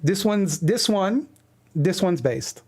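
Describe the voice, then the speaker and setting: A man's voice: high-pitched, expressive, slow, darkish tone, slightly rough. Wry man reading his old comic. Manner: wry, self-deprecating. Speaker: streamer. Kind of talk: casual commentary reading a comic.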